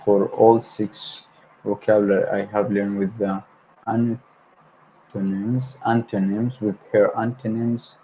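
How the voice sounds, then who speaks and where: Slow low-voiced man drilling words. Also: little pitch movement, dark tone, a little hiss or hum, poor audio. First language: Arabic. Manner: repeats words over and over, stumbles and corrects himself. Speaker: language learner hosting a livestream. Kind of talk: solo livestream vocabulary practice.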